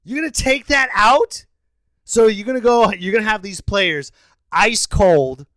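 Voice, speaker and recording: A middle-aged man hosting a podcast, ranting incredulously and breaking into shouted outbursts. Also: high-pitched, no echo. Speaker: podcast host. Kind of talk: ranting monologue.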